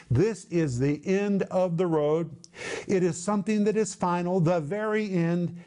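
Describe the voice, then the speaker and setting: A middle-aged man hosting a broadcast Bible teaching, emphatic and slowing down to stress key words. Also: sits high, warm tone. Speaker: Bible teacher and program host.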